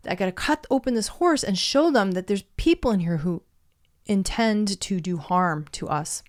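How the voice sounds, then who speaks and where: A woman's voice: mid-range voice, lively intonation, moderate pace, natural voice. A woman voicing a desperate young prophetess trying to warn her people in a retold myth.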